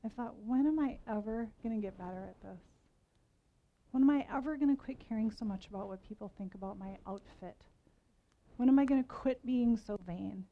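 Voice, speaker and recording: A woman's voice: fairly high pitch, a little fast, narrow, tinny audio. A woman in her forties giving a conversational sermon to a women's gathering, candid and self-mocking, laughing between lines. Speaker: women's event speaker.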